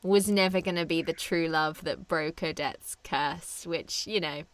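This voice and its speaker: A woman's voice: sits low, a little slow, no room sound. A young woman co-hosting a film podcast, chatting casually and enthusiastically, laughing often. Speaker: podcast co-host.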